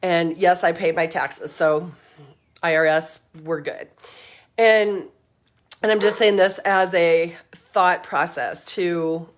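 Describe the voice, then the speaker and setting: Chatty, slightly low-voiced middle-aged woman. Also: slow. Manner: chatty, rambling, upbeat. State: out of breath. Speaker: livestream host. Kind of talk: casual live-stream chat. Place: outdoors around her home and yard.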